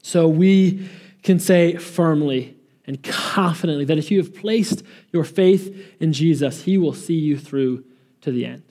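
A man preaching a sermon, earnest and emphatic, slowing down to stress key phrases. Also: fairly high pitch, warm tone. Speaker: pastor.

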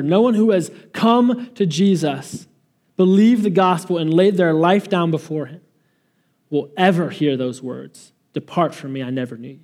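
A man preaching a sermon, earnest and emphatic, slowing down to stress key phrases. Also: high voice, warm tone. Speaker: pastor.

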